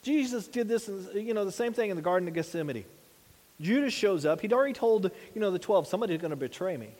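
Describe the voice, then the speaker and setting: A man's voice: high-pitched, animated, brisk, darkish tone, in a large hall. A man preaching a sermon in an earnest, conversational way, asking his listeners rhetorical questions. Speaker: pastor.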